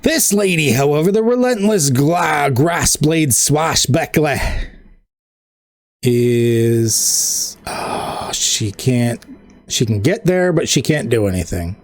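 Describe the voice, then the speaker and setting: A man's voice: fairly high pitch, animated, slow, dry recording. A man running an online tabletop game as game master. He explains the rules patiently and thinks aloud.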